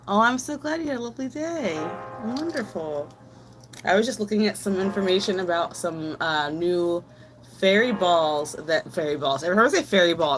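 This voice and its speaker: A young woman hosting a casual live stream, chatting and gushing as she answers viewers' messages. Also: low-pitched. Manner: gushing and chatty, reads and answers chat aloud. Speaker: livestream host. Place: home desk. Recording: music playing behind the voice.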